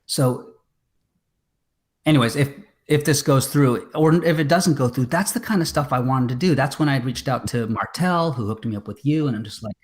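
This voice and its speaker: A man's voice: medium pitch, moderate pace. A man, a filmmaker guest, chatting casually on a video call, rambling with many fillers and restarts. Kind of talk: casual interview chat.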